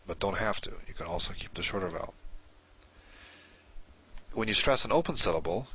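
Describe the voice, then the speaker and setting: Deep-voiced man teaching a lesson. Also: vocal fry, bright, forceful tone, breathy edge, lo-fi sound. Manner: explains step by step, self-correcting. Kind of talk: recorded online lesson.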